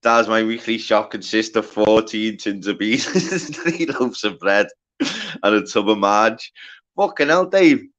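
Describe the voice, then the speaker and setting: A man's voice: fairly low pitch, slow pace, fairly bright tone, lo-fi sound. A man hosting a casual livestream, reading out the chat, greeting viewers by name and bantering with plenty of swearing. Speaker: livestream host.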